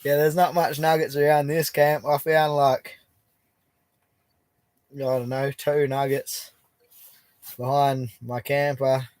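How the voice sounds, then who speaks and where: A man's voice: medium pitch, level tone, slow pace, pauses often, a little mellow, dry recording. A young Australian man chatting casually on a live stream from his bush camp, reading out viewer comments in a laid-back, chatty way and laughing easily. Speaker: prospecting livestreamer.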